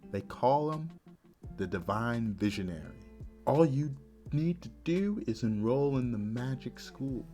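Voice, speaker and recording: A man's voice: medium pitch, lively intonation, measured pace, dark tone, faint music behind, lightly acted. A man doing a smug scheming mage villain. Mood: smug threatening. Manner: smug, threatening, bargaining.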